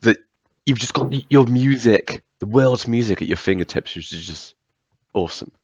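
A man's voice: medium pitch, animated, normal speed, husky, no room sound, dull audio. A man co-hosting a podcast in casual chat, mostly giving short, laid-back replies. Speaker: podcast co-host.

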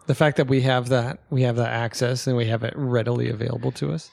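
Young male podcast co-host, gravelly fry in his voice, animated and playful, dry close mic. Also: mid-range voice, fast, no room sound. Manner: animated, mock-pleading, riffs on jokes. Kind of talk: casual podcast chat.

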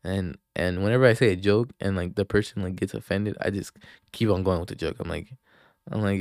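Deep, smooth and a little mellow, the young man talks fast in a steady tone while hosting his podcast. His casual story wanders, profane and thick with filler words, captured on a handheld microphone in a dry, clean studio recording.

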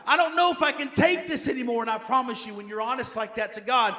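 A man preaching a sermon as pastor, emphatic, repeating key phrases and swinging between loud urging and quiet asides. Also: very high-pitched, fast.

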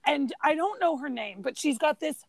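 A woman's voice: high-pitched, lively intonation, normal speed, dry recording. A woman co-hosting a podcast in casual chat, retelling scenes and laughing often. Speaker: podcast co-host.

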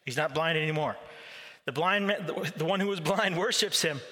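A man's voice: fairly high pitch, normal speed, bright, forceful tone. A male pastor preaching a sermon with vivid storytelling. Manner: vivid storytelling, acting out quoted voices. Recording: long reverb of a large hall.

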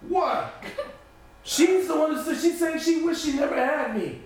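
A man's voice: very high voice, unhurried. A man in an improvised comedy sketch voicing a whiny 47-year-old daughter who still lives at home and laughs through her lines. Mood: indignant. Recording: echoey room, mic far off, audible noise.

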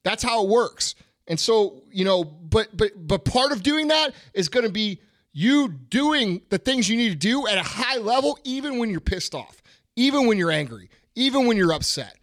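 A man's voice: sits high, big pitch swings, normal speed, a bit bright, no echo, clean studio sound. A middle-aged man hosting a podcast, ranting bluntly and profanely in casual chat. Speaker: podcast host.

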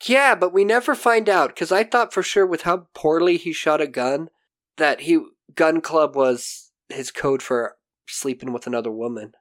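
A man co-hosting a podcast, recapping a TV episode in animated casual chat, swearing casually and acting out quotes. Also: a little high, moderate pace. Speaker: podcast co-host.

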